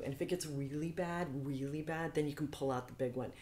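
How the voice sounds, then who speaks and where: A woman in her fifties with a lowish voice talks about her craft as an actor and teacher. She tells stories with energy and acts out the people in them. The sound has a noticeable room echo. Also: brisk, a little hiss or hum. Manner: animated storyteller, acts out voices in anecdotes. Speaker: actor and acting teacher, guest. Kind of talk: casual interview chat. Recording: echoey room.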